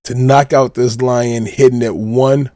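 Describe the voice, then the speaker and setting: A man hosting a podcast, giving an animated, casual retelling and leaning on the same stock phrases. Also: mid-range voice, unhurried, dry recording, studio quality. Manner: animated retelling, leans on "of course". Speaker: podcast host. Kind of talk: casual recap of a manga chapter.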